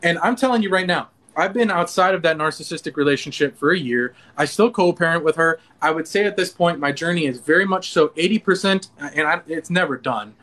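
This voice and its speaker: Male interview guest with a high voice, earnest, animated self-talk, frequent restarts. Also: brisk, hardly any pauses. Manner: earnest, animated, acts out inner dialogue with many restarts.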